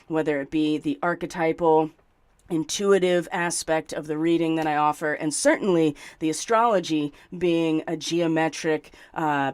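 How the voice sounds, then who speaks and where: Earnest low-voiced woman host. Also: smooth. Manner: warm welcoming, earnest, explanatory with fillers. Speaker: host of a spiritual astrology channel. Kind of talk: casual spoken monologue.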